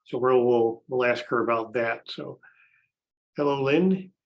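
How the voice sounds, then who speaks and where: A man's voice: medium pitch, steady tone, measured pace, rough recording. Chatty man hosting a podcast panel. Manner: chatty, with frequent fillers and restarts. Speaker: podcast host. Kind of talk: casual panel introductions.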